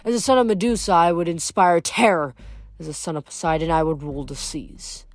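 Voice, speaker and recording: A woman's voice: lowish voice, steady tone, a little fast, lightly acted. A woman voicing a proud, bitter male pirate, son of a monster, with a scornful, boastful manner, in a read-aloud novel.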